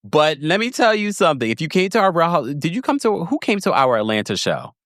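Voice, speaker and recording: A chatty man recaps reality TV for his podcast audience, cutting himself off mid-thought and laughing as he retells the drama. His pitch jumps around in a lively, animated way. The sound is dry and close, with no room echo. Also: a little fast. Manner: gossipy, laughs often, acts out quotes; chatty, self-interrupting storyteller. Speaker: podcast host. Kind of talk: casual TV recap commentary.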